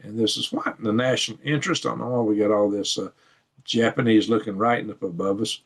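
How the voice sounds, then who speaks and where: A man with a lowish, slightly rough voice and vocal fry talks fast in a steady tone. At home at his computer, he hosts his channel, reading news articles from a shared screen and rambling through commentary, chuckling and thinking out loud.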